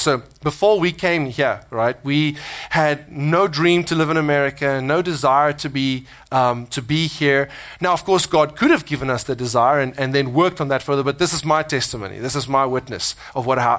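A man preaching a conversational sermon as a pastor, earnest and animated, often restarting and repeating words as he talks. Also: mid-range voice, a little fast.

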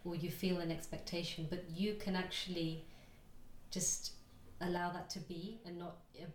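A woman with a somewhat low voice walks through her thoughts on a podcast, reflective and full of small fillers. The sound is roomy and echoey. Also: level tone, moderate pace, a little hiss or hum. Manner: reflective, explanatory, with many fillers. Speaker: guest coach. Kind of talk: casual interview chat. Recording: echoey room.

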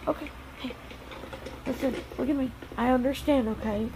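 A woman's voice: high-pitched, steady tone, brisk, gravelly, a little mellow, slight background noise, poor audio. A woman vlogging outdoors as a mother, chatty and soothingly reassuring. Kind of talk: casual vlog. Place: outdoors on a path.

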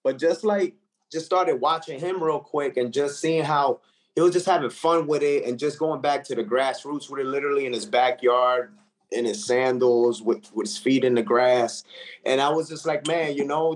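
A man's voice: medium pitch, normal speed. A man, a recording artist, talking casually and earnestly in an interview, reflecting on how he writes, with lots of "like" and "man" fillers.

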